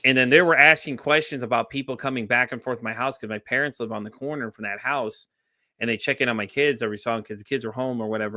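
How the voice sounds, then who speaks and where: A man hosting a podcast, telling a story in casual chat with lively energy and frequent swearing. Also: lowish voice, dry recording, studio quality. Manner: animated storyteller, swears freely. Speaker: podcast host.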